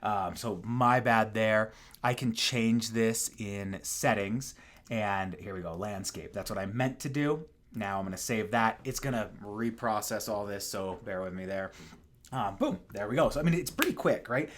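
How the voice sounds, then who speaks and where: A young man with a somewhat low voice talks through a software demo in an easygoing, unscripted way. He leans on fillers and keeps checking in with quick tag questions. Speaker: software tutorial presenter. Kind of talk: casual screen-share walkthrough.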